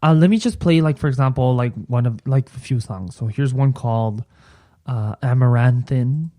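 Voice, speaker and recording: A man's voice: medium pitch, moderate pace, mellow, no echo. A young man hosting a casual solo podcast, rambling and playful with lots of fillers. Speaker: podcast host.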